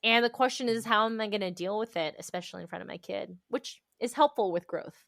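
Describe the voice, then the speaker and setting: Animated woman telling stories, dry sound. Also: mid-range voice, a little fast, gravelly, dry recording. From United States. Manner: animated storytelling, acts out her own inner voice, laughs often. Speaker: guest author. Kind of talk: candid conversational interview.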